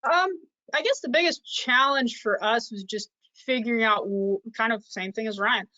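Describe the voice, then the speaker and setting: A woman on a sheep producers' panel speaking haltingly with frequent ums over a video call. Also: fairly high pitch, bright, forceful tone, no echo. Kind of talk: casual panel talk. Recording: dull, dry video call audio.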